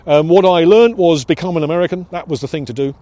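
A man's voice: on the high side, quick pace, dark tone, no room sound. An older British man, a former pilot instructor, reminiscing in an oral history interview with frequent hesitations and restarts. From United Kingdom. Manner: reflective, many restarts and hesitations.

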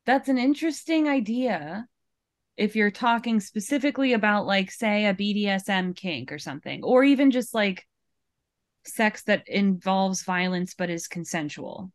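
A woman co-hosting a podcast, talking through her reaction in loose, questioning chat full of "like" and "you know." Her voice sits at an ordinary middle pitch. The sound is close and dry, with no room to it. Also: animated, normal speed, dry recording. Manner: thinking aloud, questioning, many fillers. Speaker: podcast co-host.

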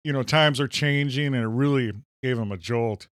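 Minnesotan male co-host, deadpan joker, smooth resonant voice, close dry mic. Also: mid-range voice, normal speed, dry recording. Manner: jokey, deadpan asides. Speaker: podcast co-host. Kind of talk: casual banter.

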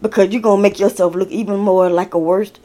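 A woman's voice: medium pitch, fairly even intonation, quick pace, warm tone. A woman giving a casual tarot reading, talking bluntly and with exasperation, swearing as she addresses the viewer directly. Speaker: tarot card reader.

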